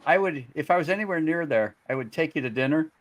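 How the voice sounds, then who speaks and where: A man chats on a casual livestream, teasing his friends and laughing often. His voice sits slightly high. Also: lively intonation, fast talker, no echo. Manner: laughing, good-humoured ribbing.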